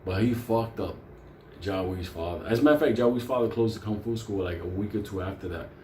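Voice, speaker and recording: In a fast, darkish, low-leaning voice, a middle-aged man delivers a crude, meandering story packed with swearing and frequent laughter. It's casual profane storytelling, recorded with a roomy echo and faint hum.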